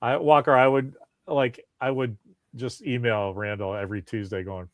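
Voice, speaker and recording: A male podcast host chatting casually about movies. His voice sits at an ordinary middle pitch and sounds dry and close to the mic. He tells stories with lots of animation, slipping into the voices of the people in them. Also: moderate pace, dry recording. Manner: animated storyteller, acts out quoted voices. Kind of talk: casual chat.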